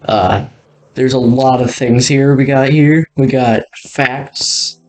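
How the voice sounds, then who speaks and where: A man's voice: mid-range voice, steady tone, slow pace, a little mellow. A man giving a casual, rambling walkthrough, laughing often and trailing off mid-sentence. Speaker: video creator touring an old game world.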